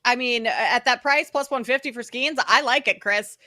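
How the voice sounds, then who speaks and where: A woman's voice: a little high, moderate pace, pushed and bright, no echo. A woman co-hosting a sports betting show, chatting in an easygoing, self-deprecating way. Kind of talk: casual sports betting chat.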